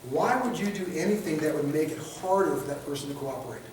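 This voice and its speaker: An instructor teaches a training class in an echoey room, recorded from a distance with a little hiss or hum. His slightly high, darkish voice is animated as he chats with the group, fires rhetorical questions and acts out quick street scenarios in quoted voices.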